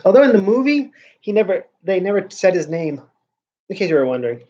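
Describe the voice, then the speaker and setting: A man's voice: sits high, sing-song, brisk, mellow, muffled recording. A man hosting his own vlog in casual chat, rambling along with frequent restarts and sentences that trail off. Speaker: vlogger host.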